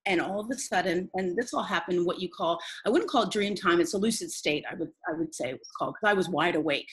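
Woman guest rambling thru a personal story, kinda husky, earnest, lots of restarts. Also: on the low side, lively intonation, fast talker, rough recording.

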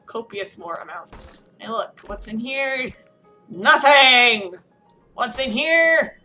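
A woman's voice: fairly high pitch, expressive, takes it slowly, faint music behind. A tipsy woman playing a video game, cursing and grumbling at it in casual commentary. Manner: profane, exasperated, yelling at the game. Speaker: let's play gamer.

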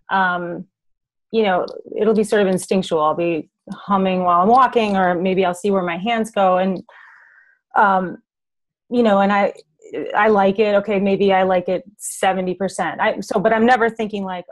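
A woman hosting a casual podcast interview in a mid-range voice. She draws her guest out warmly and thinks aloud, with lots of "like" and "um" as she builds her questions. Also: mid-range voice. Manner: encouraging, thinks aloud with fillers. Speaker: podcast host.

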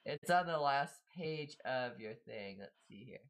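A woman running a streamed tabletop game as game master. She talks in a relaxed, chatty way and often laughs with her players. Her voice sits very deep for a woman. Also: unhurried, poor audio.

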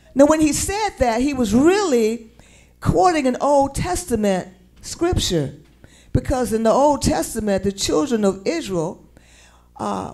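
Preaching a sermon that mixes in sung lyrics, a woman with a Southern American accent gets her congregation calling back to her in the church sanctuary. Her voice is high-pitched and a little mellow.

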